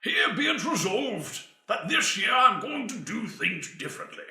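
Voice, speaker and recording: A man voicing a pompous old British gentleman with a pipe, in a put-on British accent and a formal, stuffy way of speaking. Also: sits high, big pitch swings, normal speed, echoey room, recorded from a distance, voice pushed up, heavily acted. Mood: proclaiming.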